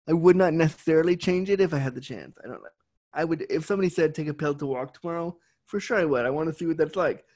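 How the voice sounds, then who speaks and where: A man's voice: on the high side, a little mellow. A young adult man hosting a casual interview chat, candid and swearing freely. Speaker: podcast host.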